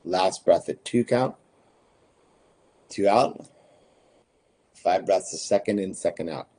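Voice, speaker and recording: A man guiding a breathing practice, calmly counting breaths and giving short instructions. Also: low-pitched, slow, slight background noise. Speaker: breathwork guide.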